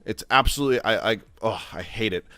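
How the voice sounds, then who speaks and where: A man's voice: lowish voice, fast, bright, forceful tone, dry recording, studio quality. A young man giving casual, profane gameplay commentary, ranting as he plays. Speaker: gaming YouTuber.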